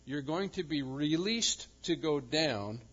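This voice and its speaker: Slow, emphatic preaching man. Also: a little high, animated, dull audio. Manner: emphatic, swings from loud proclamation to quiet intensity. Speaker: pastor. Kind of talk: sermon.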